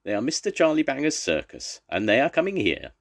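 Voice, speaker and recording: A grandfather voicing an excitable, gentle male circus elephant keeper who speaks in quaint, formal phrases. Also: mid-range voice, fairly quick, creaky, pitched above the performer's own voice, heavily acted. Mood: excited.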